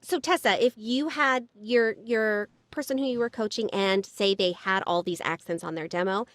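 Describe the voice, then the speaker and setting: A woman co-hosting a casual podcast, thoughtfully reasoning through a point out loud. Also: mid-range voice, moderate pace, no room sound. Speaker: podcast co-host.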